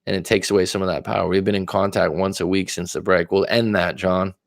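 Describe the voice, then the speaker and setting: A man's voice: deep voice, flat delivery, fast, vocal fry, no echo, clean studio sound. A man as a dating coach, chatting on a livestream, answering viewer comments and telling candid stories in a blunt way with casual swearing. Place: lives in Thailand.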